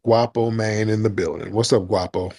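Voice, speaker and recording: Low-voiced man hosting a live call-in. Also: steady tone, dark tone. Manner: laid-back, quick comebacks, calls people "sir". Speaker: host. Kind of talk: live audio chat show.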